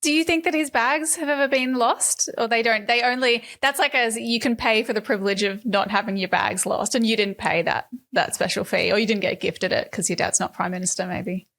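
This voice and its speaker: A woman's voice: a little high, fairly bright tone. A woman co-hosting a political podcast, teasing and laughing through casual comedic chat. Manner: teasing, laughs often, quick asides. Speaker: podcast co-host.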